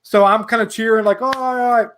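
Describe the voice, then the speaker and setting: A man in his forties from New York, a podcast guest telling a rambling, animated anecdote full of restarts. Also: high voice, brisk, clear, resonant tone. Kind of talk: casual storytelling.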